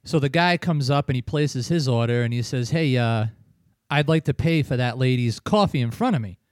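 A man's voice: medium pitch, lively intonation, moderate pace, a little mellow, clear, resonant tone, no room sound, clean studio sound. A man hosting a casual podcast chat, telling a long rambling story full of swearing and chuckles. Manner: profane, rambling, chuckles often. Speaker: podcast host.

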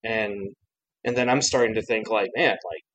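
A man co-hosting a casual discussion podcast, chatty and animated, often laughing and quoting lines. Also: lowish voice, normal speed, poor audio. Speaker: podcast co-host.

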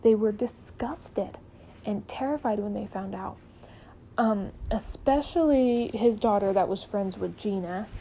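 A woman hosts her own podcast and talks through a case in a loose, conversational way, filling her sentences with "like" and "um." Her voice sits at a middle pitch with a warm, mellow tone. She slips into the voices of the people she quotes as she tells it. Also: measured pace, slight background noise, poor audio. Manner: chatty, peppered with "like" and "um". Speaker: podcast host. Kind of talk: casual true-crime storytelling.

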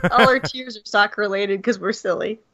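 A woman's voice: medium pitch, normal speed, pushed and bright. A woman guest on a comedy podcast, giggly and playful in casual chat. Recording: dull lo-fi sound.

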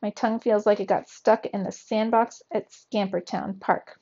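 A woman's voice: mid-range voice, steady tone, normal speed, warm tone, breathy edge. A woman voicing a boastful, cheeky grown male mouse who talks in a smug, teasing way, on a dull lo-fi recording.

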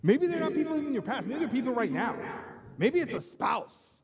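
A male pastor preaching a sermon in a casual, storytelling way with self-deprecating asides and halting restarts. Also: very high voice, very animated. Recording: long hall reverb.

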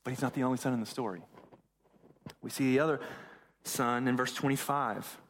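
A man's voice: mid-range voice, brisk. A young man preaching a sermon as pastor, retelling a Bible story in casual slang and acting out the characters' lines. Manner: animated storytelling with acted-out voices and casual slang.

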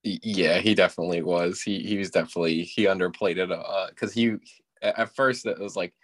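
A man's voice: low-pitched, fairly even intonation, a little fast, fairly bright tone. A man in casual podcast chat, laid-back and hesitant, often restarting his sentences. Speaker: podcast co-host. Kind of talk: casual chat about fantasy football.

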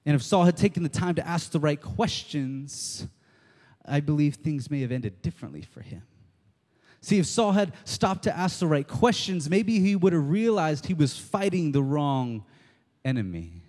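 A man preaching a sermon, telling stories in an animated way, acting out quotes and repeating key lines. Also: on the high side, normal speed. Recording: long hall reverb.

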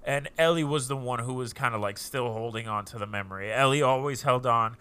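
A man's voice: medium pitch, a little fast, bright, forceful tone, clear, resonant tone. A man co-hosting a podcast, casually chatting and retelling scenes with repeated phrases. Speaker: podcast co-host. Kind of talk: casual chat.

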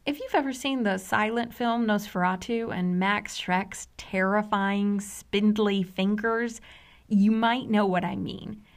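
Wry woman from the US, middle pitch. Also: steady tone, takes it slowly. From United States. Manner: wry, conversational, dry humor. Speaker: podcast host. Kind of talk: scripted explainer narration.

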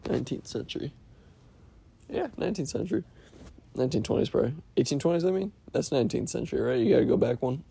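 A man's voice: medium pitch, lively intonation, fast talker, gravelly, dark tone, breathy edge. A man hosting a casual solo podcast, rambling and profane, and making fun of himself as he goes. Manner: rambling, profane, self-mocking. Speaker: podcast host.

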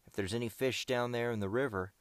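A man's voice: medium pitch, fast talker, no room sound, natural voice. A man voicing a cheerful, playful teenage boy adventurer in an audiobook. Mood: cheery. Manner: bright and playful.

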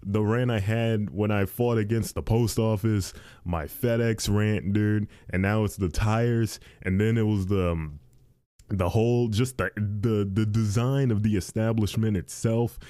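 This tire warehouse guy from a dealership vents to viewers in a loose rant, swearing heavily and saying "dude" nonstop. He speaks a little slowly in a fairly low, warm voice with fairly even intonation, and the audio has no echo.

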